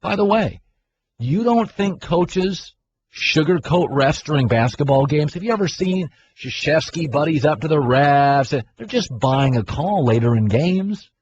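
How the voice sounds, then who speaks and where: A brash middle-aged man holds forth on sports talk radio, arguing his points and firing questions at the audience. His voice sits a little high. The audio sounds dull and carries a faint hiss. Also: animated, unhurried. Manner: brash, argumentative, mimics people in loud voices.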